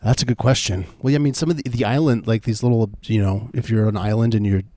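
Low-voiced man, mock-earnest podcast host. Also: dark tone, dry recording. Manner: mock-earnest, rambling, halting. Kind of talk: casual comedic banter.

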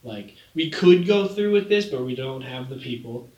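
A man's voice: mid-range voice, lively intonation, moderate pace, darkish tone, distant mic, lo-fi sound. A man co-hosting a casual podcast, jokey and laughing often, stumbling over repeated words. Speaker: podcast co-host. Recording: echoey room, off-mic.

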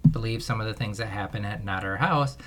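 A man's voice: on the low side, a little fast, fairly bright tone, a little hiss or hum. A man hosting a parenting podcast alone, telling a long story in a loose, rambling way and laughing at himself often. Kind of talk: casual solo podcast monologue.

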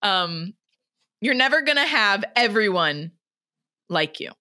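A woman's voice: mid-range voice, sing-song, takes it slowly, pushed and bright. A woman co-hosting a podcast, chatting animatedly as she retells a book chapter. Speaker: podcast co-host. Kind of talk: casual chat recapping a book.

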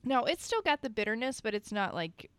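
A woman co-hosting a podcast in casual chat, chatty and quick to laugh. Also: on the high side, big pitch swings, a bit bright, clean tone, no echo. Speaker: podcast co-host.

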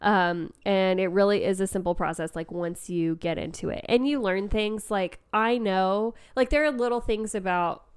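A woman co-host chats casually into a stand microphone at a small indoor table. Her voice is smooth and resonant under a slight congestion, at a middle pitch. She rambles easily, with lots of "like" and "um" and frequent laughs. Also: steady tone, normal speed, few pauses. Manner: chatty, full of "like" and "um" fillers, laughs often. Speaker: podcast co-host. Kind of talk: casual podcast chat.

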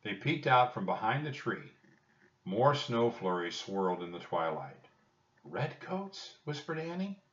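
A man reads a children's storybook aloud in a steady, plain way. His voice is very low. The recording is roomy, distant and dull. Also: a little slow. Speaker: narrator.

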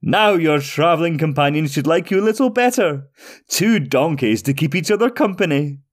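Man reading aloud as a cackling wicked wizard, high and stretched out, gloating and theatrical. He drags his words slowly with glee. A storybook villain full of relish. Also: expressive. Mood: gleeful.

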